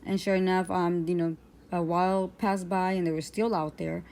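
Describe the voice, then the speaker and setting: A woman's voice: fairly low pitch, fairly even intonation, normal speed, gravelly, a little mellow. A woman telling a personal story in a rambling, indignant way, full of fillers and restarts. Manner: aggrieved, indignant. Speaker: vlogger.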